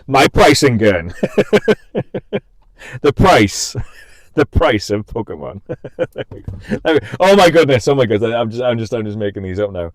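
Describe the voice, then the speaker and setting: A man's voice: medium pitch, wildly swooping pitch, unhurried, pauses often, no room sound. Giggly, scattered young man chatting live. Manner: giggly, scattered, self-interrupting. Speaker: podcast and stream host. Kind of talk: casual live-stream chat.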